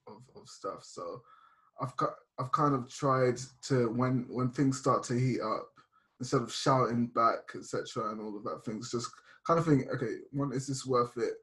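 A man's voice: mid-range voice, moderate pace, fairly bright tone. A young man guesting on a podcast, talking openly and reflectively about arguments with his girlfriend, with many restarts. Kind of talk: casual podcast chat.

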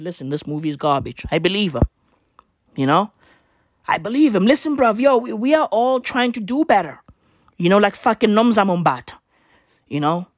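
A man's voice: sits high, fairly bright tone, dry recording, clean studio sound. Profane, slangy man ranting. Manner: profane, slangy, rambling with rhetorical "right?". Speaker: vlogger. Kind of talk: casual ranting monologue.

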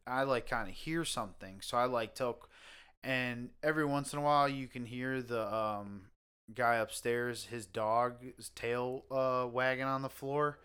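A man telling a story among friends in casual podcast chat, animated and swearing, getting loud at the tense parts. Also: medium pitch, measured pace, smooth. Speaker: podcast co-host.

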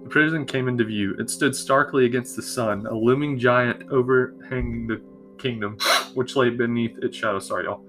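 Man narrating a fantasy story slowly. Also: medium pitch, steady tone. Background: soft guitar music.

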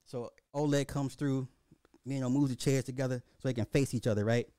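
A podcast host telling a dark comedic story in a profane, animated, repetitive way. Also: male voice, medium pitch, fairly quick, clean tone, no room sound, clean studio sound.

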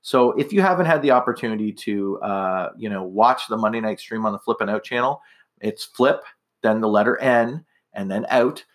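A man's voice: lowish voice, normal speed. Rambling, slightly tipsy male podcast host. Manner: rambling, chatty, many fillers and restarts. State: a little tipsy, slightly slurring. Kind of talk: casual solo podcast monologue.

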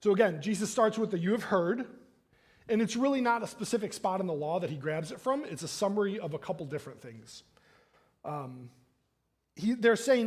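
A man's voice: high-pitched, expressive, fairly quick, darkish tone, husky. A man preaching a sermon as pastor, in a casual conversational manner, often checking in with "right?". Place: church sanctuary.

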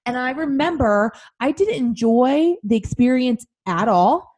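A woman with a slightly high voice talks through her own past in a relaxed, candid way. She turns each memory over out loud as if confiding in a friend, honest and self-reflective. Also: unhurried. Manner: open, self-reflective storytelling. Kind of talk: candid conversational chat.

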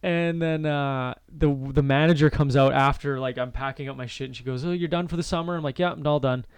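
A man in his twenties chatting casually, reacting fast with laughs and short comments. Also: medium pitch, steady tone, smooth, no echo. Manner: laughs often, quick reactive interjections. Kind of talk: casual storytelling chat.

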